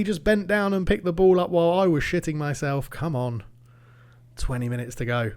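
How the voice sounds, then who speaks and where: A man narrates his football management game play by play in a fairly high voice. He worries aloud over every attack, drops to a mutter while fretting, then rises to an eager shout when the play turns. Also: moderate pace, clean tone. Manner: anxious, commentating play by play, swinging between muttering and excited shouting. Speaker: gaming YouTuber. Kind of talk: live game commentary.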